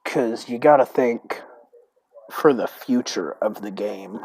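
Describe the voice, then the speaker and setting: A man streaming a text role-playing game, reading it aloud haltingly and thinking out loud about his choices. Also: medium pitch, animated, a little hiss or hum, rough recording.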